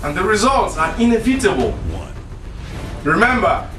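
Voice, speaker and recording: A male host with a high, very lively voice signs off to his viewers, firing off rhetorical questions. He sounds echoey and set back from the mic, with faint music behind him. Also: normal speed, far from the mic. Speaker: show host. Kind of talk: closing address to viewers.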